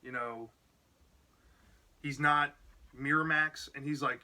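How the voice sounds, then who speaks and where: A man's voice: mid-range voice, fairly even intonation, slow, bright, forceful tone. A man casually retelling a book's plot as a reviewer, rambling with lots of "like" and "you know". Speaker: book reviewer.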